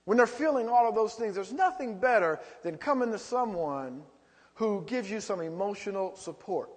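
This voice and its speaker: A man's voice: high voice, animated, normal speed, big-room sound. A man preaching a sermon as pastor, rising into emphatic calls to the congregation.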